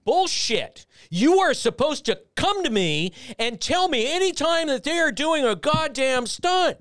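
A man's voice: extremely high pitch, sing-song, unhurried, pitched above the performer's own voice, heavily acted. A man imitating a blustering male station manager who curses and rants indignantly. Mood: angry. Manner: shouting, profane, indignant.

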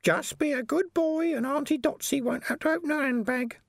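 A man voicing a menacing older woman who coos sugary threats in a falsetto, for an audiobook. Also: moderate pace, creaky, no echo, clean studio sound. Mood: cooing threat. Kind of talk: audiobook character voice.

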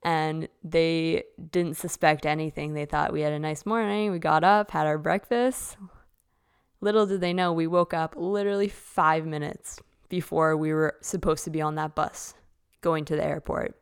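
Hosting her podcast, a young Canadian figure skater chats through casual stories, dropping "like" again and again. She talks at a moderate pace in a low, steady voice that is clear and resonant.

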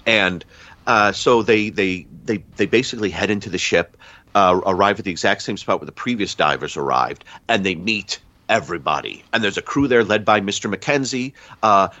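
A man's voice: lowish voice, animated, normal speed, pushed and bright, no room sound, lo-fi sound. A man on a podcast giving a casual, rambling plot recap, often stopping to correct himself. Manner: rambling, self-correcting storyteller. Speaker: podcast panelist.

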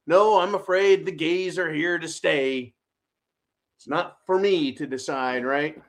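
Male host, fairly high voice, mocking and combative, ranting political commentary. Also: takes it slowly. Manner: sarcastic, mocking, shouty rants with audience asides.

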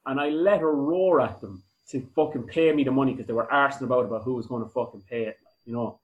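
A man's voice: mid-range voice, fast, muffled recording. A young Irish man hosting a podcast, chatty and swearing freely. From Ireland. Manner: chatty, swears freely, laughs while telling stories. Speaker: podcast host. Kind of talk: casual chat.

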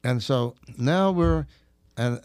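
A man's voice: mid-range voice, slow pace, darkish tone, dry recording, studio quality. A man from Arkansas telling a story in casual conversation, chuckling as he goes. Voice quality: gravelly, laughs while telling stories.

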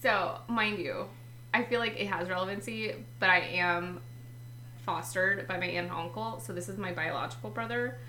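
A woman's voice: mid-range voice, moderate pace, pushed and bright. A young woman co-hosting a casual book chat, candid and self-deprecating, often giggling. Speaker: podcast co-host. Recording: echoey room with faint hum.

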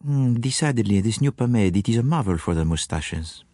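A man voicing a fussy, vain, dapper little male detective with precise, fastidious phrasing in an audiobook. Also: lowish voice, lively intonation, warm tone, dry recording, studio quality, pitched above the performer's own voice. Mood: absorbed. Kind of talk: audiobook character voice.

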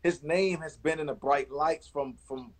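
A man's voice: fairly high pitch, a little slow, poor audio. A man in his forties, a basketball scout, chatting casually in an interview and repeating his words as he goes. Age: 40s. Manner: repeats words, animated storyteller.

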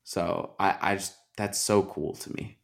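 A man's voice: sits low, fairly even intonation, unhurried, gravelly. A man hosting a podcast, talking at length in a casual movie discussion, full of likes and restarts. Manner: talkative, many likes and restarts. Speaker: podcast host.

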